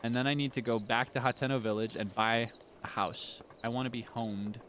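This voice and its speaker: A man streaming a game, chatting softly and thinking aloud as he plays. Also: mid-range voice, fairly even intonation, a little fast, slight background noise. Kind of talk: casual game commentary.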